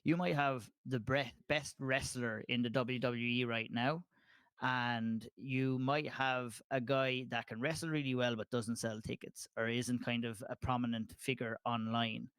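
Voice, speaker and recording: Kilkenny irish guy guesting on a podcast from home, rambly, smooth clear voice, dry sound. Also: mid-range voice, fairly even intonation, a little slow, fairly bright tone, dry recording. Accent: Southern Kilkenny Irish. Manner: rambling, apologetic, lots of fillers and restarts. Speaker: podcast guest, MMA analyst. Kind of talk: casual podcast chat. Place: at home, dinner party upstairs.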